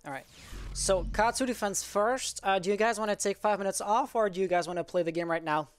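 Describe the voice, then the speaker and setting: A male esports caster calling a live match, talking in a halting way, often stopping to correct himself. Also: sits high, clear, resonant tone. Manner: halting, self-correcting, apologizes for stuttering.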